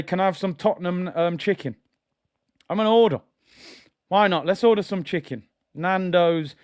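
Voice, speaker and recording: Male host, high clear voice, hyped live match commentary with taunts and shouts. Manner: excitable, shouts at big moments, taunts opponents. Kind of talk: live football watch-along commentary.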